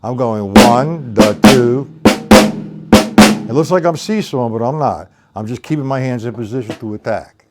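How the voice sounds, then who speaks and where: A middle-aged drum teacher talks briskly in a mid-range voice, with music in the background, during a live-streamed lesson. He counts beats, explains technique in a blunt, rambling way, and plays drums between talk.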